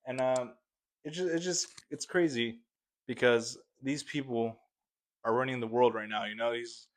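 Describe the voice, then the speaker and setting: A man's voice: medium pitch, moderate pace. A young man hosting a casual comedy podcast, ranting in a rambling, profane way with frequent laughs into a podcast mic. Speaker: podcast host.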